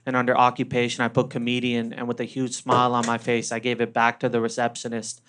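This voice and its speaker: Young man doing stand-up, deadpan. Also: medium pitch, fast talker, slight background noise. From Canada. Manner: deadpan storytelling, punchy delivery. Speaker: stand-up comedian. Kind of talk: stand-up comedy set. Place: comedy club stage.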